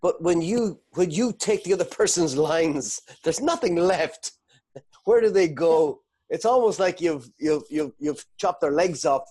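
A male interviewer thinks aloud in halting, restarting phrases. His voice is husky and sits a little high for a man. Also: animated, a little mellow. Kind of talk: conversational interview.

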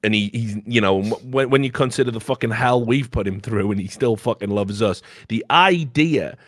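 A man's voice: fairly low pitch, normal speed, no echo. A man on a podcast in casual, opinionated chat, ranting bluntly and swearing freely. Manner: blunt and profane, heated ranting. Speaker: podcast host.

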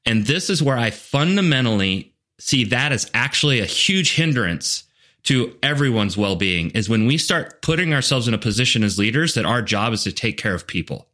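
A man's voice: mid-range voice, expressive, moderate pace, pushed and bright. A man speaking as a guest on a podcast interview. He is a leadership coach and talks earnestly and animatedly, with frequent "like" fillers and restarts.

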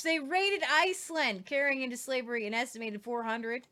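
Female host, casual history talk, higher voice, reads quotes with offhand asides. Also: fairly even intonation, normal speed, few pauses, pushed and bright. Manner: chatty, stumbling over names, jokey asides.

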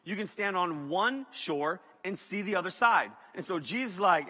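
Guy preaching to a youth crowd, bright voice, kinda high, jokes around a lot, big echoey hall. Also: normal speed, few pauses. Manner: animated, joking, talks to the crowd. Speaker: youth pastor. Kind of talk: sermon to students. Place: large hall with audience. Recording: reverberant hall.

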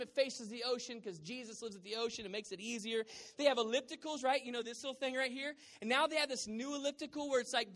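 Southern pastor, high voice, playful sermon that keeps quizzing the crowd. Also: fairly bright tone. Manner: humorous, conversational, quizzing the congregation. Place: church hall with congregation.

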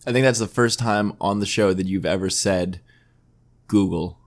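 A man's voice: low voice, moderate pace. A young man hosting a podcast with his mother, chatting casually and playfully needling her. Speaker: podcast host. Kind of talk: casual chat.

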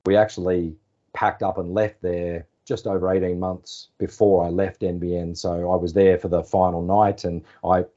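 A very low-voiced Australian man in his forties tells anecdotes in an easygoing, chatty way. His tone is dark and mellow, and he acts out the phone calls he quotes. The podcast audio sounds slightly dull. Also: little pitch movement, normal speed. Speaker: podcast guest, former sports journalist. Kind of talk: casual storytelling interview.

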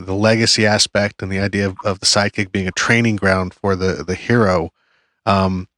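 A man's voice: lowish voice, fairly bright tone, no room sound, studio quality. A man on a panel, arguing his vote in a hesitant way with many fillers and restarts. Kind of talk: casual debate.

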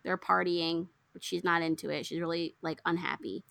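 A young woman casually recapping a film plot, acting out the characters' lines with lively swings. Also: on the low side, normal speed, gravelly, no echo. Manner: animated storyteller, acts out characters' lines. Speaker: podcast co-host recapping a film. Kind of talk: casual chat.

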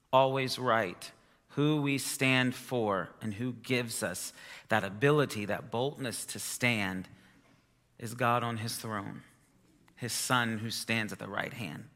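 A man's voice: medium pitch, slow, pushed and bright. A male preacher giving a sermon and telling a personal story in a chatty, self-amused way. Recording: long reverb of a hall.

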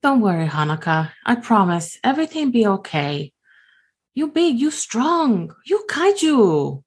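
A woman plays a bubbly young monster girl from a tabletop game, chirping in short, broken phrases. The voice jumps far above her usual pitch and stays doting and gentle. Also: very animated, a little slow, breathy edge, full character voice. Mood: comforting. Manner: clipped broken-grammar sentences, doting.

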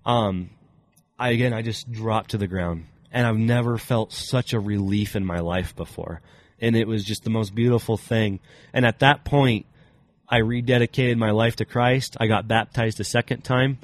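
A man's voice: mid-range voice, normal speed, no echo. A young adult man sharing a personal faith story as a podcast guest, earnest and rambling with many fillers. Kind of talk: casual personal testimony.

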